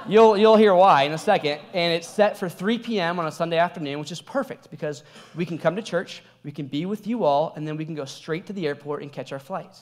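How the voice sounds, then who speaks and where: A young adult man, a pastor, preaching a sermon in a conversational, animated way, telling a personal story with laughs. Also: fairly high pitch, brisk.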